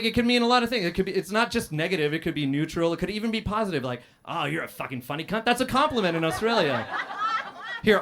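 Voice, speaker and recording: A man performing a stand-up roast set on a comedy club stage, dry and deadpan, with many "uh" pauses and sudden loud outbursts. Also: fairly high pitch.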